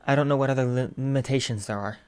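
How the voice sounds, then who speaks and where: A man's voice: mid-range voice, fast, darkish tone, clean tone, lightly acted. Brief: a man playing a timid, jittery teenage boy who stumbles over words, fan fiction audiobook. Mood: hesitant. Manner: nervous, apologetic, stammering. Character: shy anxious teenage boy who stammers.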